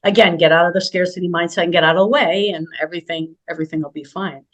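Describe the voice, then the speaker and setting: A talkative middle-aged woman with a slightly low voice, telling stories in a relaxed interview. She laughs easily and rambles from one anecdote to the next. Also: muffled recording. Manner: chatty, storytelling, quick to laugh. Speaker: guest spiritual healer. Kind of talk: casual interview conversation.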